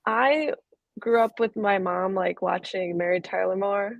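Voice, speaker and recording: A woman's voice: mid-range voice, unhurried, creaky, no echo, muffled recording. A woman in her twenties from Illinois, a laid-back and giggly guest in a casual interview. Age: 20s.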